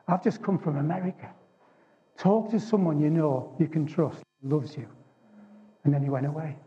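An Englishman giving an animated, emphatic testimony sermon to a men's gathering. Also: fairly high pitch. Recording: dull lo-fi recording.

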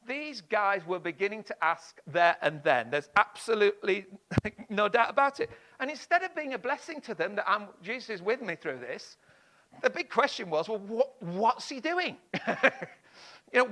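Guy preaching, bright and pretty high, goes loud then real quiet for emphasis. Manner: expressive, swings between loud and hushed emphasis. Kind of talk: sermon.

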